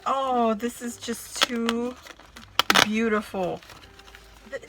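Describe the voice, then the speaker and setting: A woman's voice: a little high, fairly even intonation, extremely slow, loud music behind the voice. A woman gushing as she opens a crafty gift package, exclaiming and laughing breathlessly to her viewers. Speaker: craft vlogger opening happy mail. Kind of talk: excited unboxing chat to camera.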